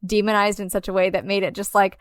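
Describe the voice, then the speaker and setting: A woman's voice: mid-range voice, little pitch movement, fast talker, clean tone, no echo, studio quality. Chatty woman filling talk with "like". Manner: filler-heavy, many "like"s, laughs easily. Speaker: podcast co-host. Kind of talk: casual film discussion.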